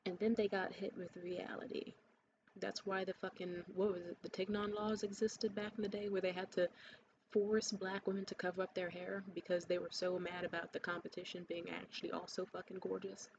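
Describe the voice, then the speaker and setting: A woman's voice: on the low side, flat delivery, a little fast. A woman talking to camera in a blunt, profane and sarcastic rant. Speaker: vlogger. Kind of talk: ranting monologue to camera. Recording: slightly muffled with faint hiss.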